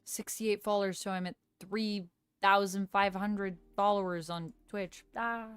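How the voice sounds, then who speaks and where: A woman's voice: medium pitch, fairly even intonation, a little slow, clean tone, no echo, faint music behind. A woman streamer in casual live-stream chat, upbeat and playful, thanking viewers and reading chat aloud while moving around doing exercises. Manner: upbeat and playful, laughs often.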